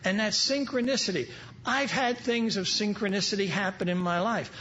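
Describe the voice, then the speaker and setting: A man's voice: sits high, normal speed, bright, forceful tone. An older man from New York speaking at a recovery meeting, telling stories with humorous, wry asides. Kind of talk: storytelling talk to an audience. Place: large event hall. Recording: dull lo-fi live recording.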